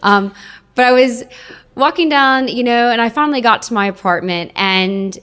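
A woman's voice: on the high side, moderate pace, a bit bright, clean tone. A young adult woman giving an emotional personal testimony to an audience, repeating phrases for emphasis.

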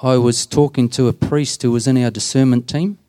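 A man's voice: mid-range voice, steady tone, fairly quick, warm tone. A man, a deacon, earnestly telling stories in an interview and acting out the dialogue. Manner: earnest, plain-spoken, acts out quoted dialogue. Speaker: deacon and prison minister. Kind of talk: storytelling in an interview.

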